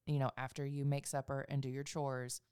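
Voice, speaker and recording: A woman's voice: extremely low pitch, flat delivery, a little fast, a little mellow, clean tone, no echo, studio quality. A woman co-hosting a podcast in casual chat, candid and confessional, laughing easily. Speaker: podcast co-host.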